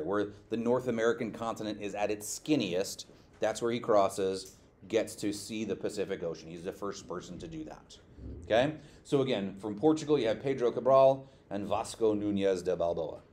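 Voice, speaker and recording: A male teacher giving a classroom lecture, lively, quizzing his students and checking in with "okay" often. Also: lowish voice, moderate pace.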